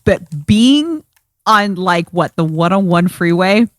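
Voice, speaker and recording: A woman's voice: fairly low pitch, expressive, slow, no room sound, studio quality. A woman co-hosting a casual podcast, chatty and profane, with lots of "like" and restarts. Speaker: podcast co-host.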